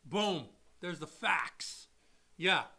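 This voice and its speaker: Male loan officer co-hosting a live stream, high and bright, animated delivery. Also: creaky, slightly rough. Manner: animated, acts out people in quick quoted voices. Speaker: mortgage loan officer, co-host. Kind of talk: casual live-stream advice talk.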